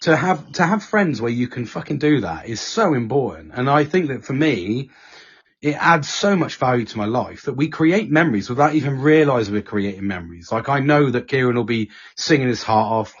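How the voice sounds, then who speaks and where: A man's voice: medium pitch, animated, normal speed, breathy edge. A man chatting casually as podcast host, swearing often and breaking into silly voices when quoting his friends. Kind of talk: casual chat. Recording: dull lo-fi sound.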